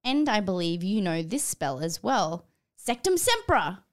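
A woman's voice: fairly low pitch, expressive, moderate pace. A young woman reading a story aloud as a podcast guest, giggling and chatting between passages. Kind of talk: comedic dramatic reading and chat.

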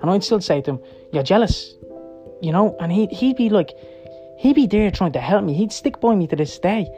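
Fast, swearing man. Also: sits high, expressive, dark tone. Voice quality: heavy swearing, blunt and emphatic. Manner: rapid, rambling, seeks agreement with "right?" and "yeah?". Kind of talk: personal storytelling monologue. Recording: faint music behind.

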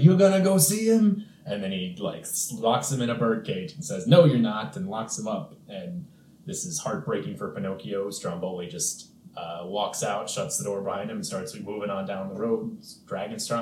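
A man co-hosting a casual film podcast, talking in a relaxed, chatty way and briefly acting out characters' lines. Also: on the low side, moderate pace. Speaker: podcast co-host. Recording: roomy sound with faint background hiss.

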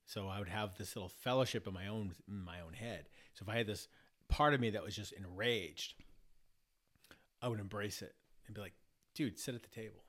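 Speaking briskly in a fairly low, fairly bright voice, a male podcast guest muses in a casual conversation. He frequently repeats words and starts over as his ideas take shape.

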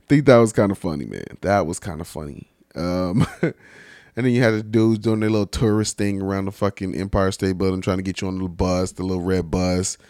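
A young man from California casually telling a story, animated and laughing, heavy on slang and swearing. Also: low voice, moderate pace, no echo, clean studio sound. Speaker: vlogger.

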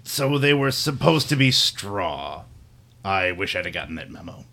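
A man with a bright, forceful voice playing a tabletop game. He makes dry, joking remarks, and his pitch jumps around. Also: big pitch swings, moderate pace. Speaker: player. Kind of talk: casual tabletop role-play.

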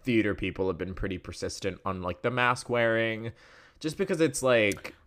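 A man's voice: on the low side, normal speed. Rambling young man telling a story. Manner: rambling, animated storyteller with many fillers. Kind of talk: casual chat.

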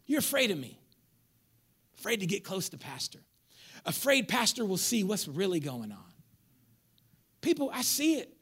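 A pastor with a high-pitched, slightly rough voice delivers a lively sermon in church at a moderate pace, pausing often. He's an animated preacher who jokes with the crowd and acts out his congregants.

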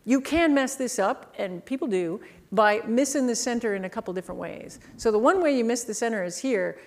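Animated Canadian woman telling business stories. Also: on the high side. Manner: animated, acts out people in her anecdotes. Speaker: speaker on market positioning. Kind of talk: storytelling keynote talk.

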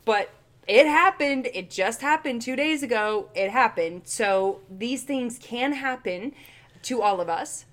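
A woman's voice: on the high side, unhurried. A woman co-hosting a podcast in casual chat, telling stories animatedly and acting out what others said. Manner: animated storyteller acting out quotes. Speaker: podcast co-host.

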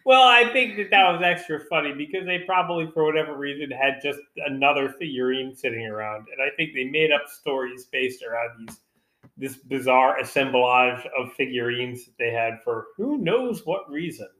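A man's voice: mid-range voice, moderate pace, sharp tone, reverberant. A man chatting casually about short films in an emphatic, wry way. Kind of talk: casual film review chat.

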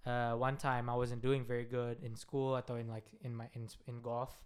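A young man co-hosting a relaxed conversation at a middling pitch. He tells his stories with animation and often laughs along as he talks. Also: moderate pace, smooth. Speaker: co-host. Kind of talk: casual chat mixing two languages.

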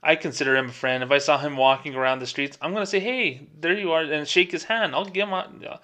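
A man's voice: on the high side, brisk. A man, a podcast co-host, telling a story in a casual way and acting out the other people's lines as he goes. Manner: animated retelling that acts out quoted dialogue. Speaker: podcast co-host, former bank employee.

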